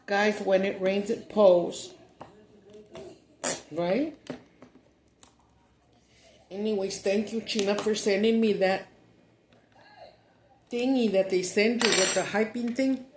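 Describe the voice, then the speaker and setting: A middle-aged woman chatting casually while eating, cussing in frustration and mixing Spanish with English. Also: medium pitch. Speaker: mukbang vlogger. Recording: roomy echo.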